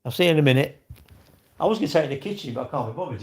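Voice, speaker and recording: A man's voice: a little high, lively intonation, racing, a little mellow, a little hiss or hum. A man chatting sarcastically with his live-stream viewers from home, mocking their comments. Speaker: livestreamer. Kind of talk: casual live-stream chat. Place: home, near his kitchen.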